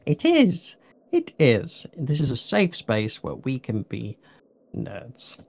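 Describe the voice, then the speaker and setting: A man's voice: medium pitch, huge pitch swings, takes it slowly, vocal fry, a little mellow, dry recording. A man hosting a casual hobby podcast, rambling and correcting himself as he thanks his guest. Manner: rambling, self-correcting, jokey. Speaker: podcast host. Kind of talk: casual chat.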